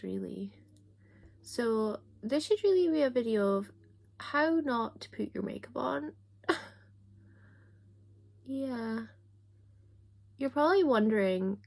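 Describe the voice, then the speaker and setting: A woman's voice: fairly high pitch, gravelly, a little mellow. A young woman chatting casually on camera while doing her makeup, with a self-mocking, chatty manner and little asides. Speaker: book vlogger.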